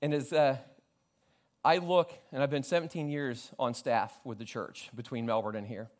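A man in his forties from South Florida preaching a sermon, telling funny family stories and quoting his father with lively acted lines. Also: mid-range voice, moderate pace. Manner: storytelling with humor, animated quoting of family. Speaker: pastor.

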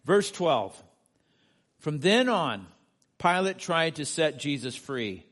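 A man preaching a sermon, with a voice that sits a little higher than most men's. He speaks earnestly, climbs to emphatic peaks and turns questions back to the congregation. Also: very animated, slow pace, fairly bright tone. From United States. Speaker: pastor.

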